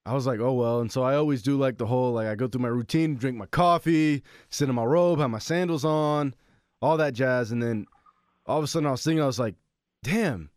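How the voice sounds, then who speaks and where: A man's voice: mid-range voice, fast talker, darkish tone, clean tone, no room sound, clean studio sound. A man co-hosting a casual sports podcast, a former college football player who tells stories with energy and acts out his own quotes.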